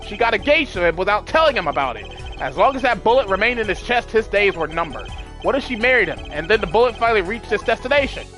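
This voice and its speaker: A game player voicing an earnest young male defense lawyer who presses forceful accusations, over game music. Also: mid-range voice, very animated, fast, pitched above the performer's own voice. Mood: accusing.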